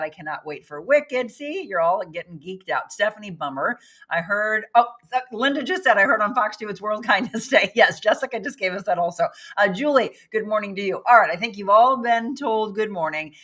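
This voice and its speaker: A woman's voice: medium pitch, fairly bright tone. A woman hosting a casual live news and chat show, upbeat and chatty, greeting viewers by name. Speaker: host.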